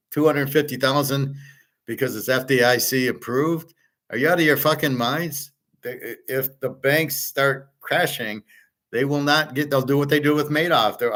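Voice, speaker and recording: A man's voice: mid-range voice, normal speed, a bit bright. A man hosting an online show, ranting in a blunt, profane, rambling way. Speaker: show host and betting tipster. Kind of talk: casual ranting commentary.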